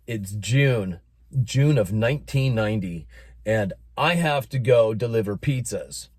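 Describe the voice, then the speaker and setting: A middle-aged American man telling a personal story in a casual monologue, animated and expressive. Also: on the low side, no room sound. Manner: animated, breaks into announcer-style shouting when quoting.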